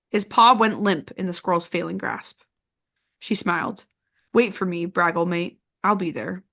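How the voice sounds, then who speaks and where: A woman's voice: fairly low pitch, fairly bright tone. A woman hosting a book podcast, reading passages aloud expressively and chatting casually with restarts and fillers. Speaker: podcast host. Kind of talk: casual book club chat.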